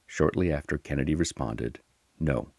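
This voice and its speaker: Very deep, gravelly male narrator. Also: lively intonation, darkish tone. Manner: measured, solemn storytelling. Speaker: podcast host and narrator. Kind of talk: scripted history narration.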